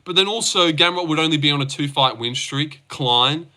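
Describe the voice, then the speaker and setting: A man's voice: on the high side, normal speed, pushed and bright. A young Australian man hosting a livestream, reading out chat and reacting in loose, slangy talk. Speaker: livestream host.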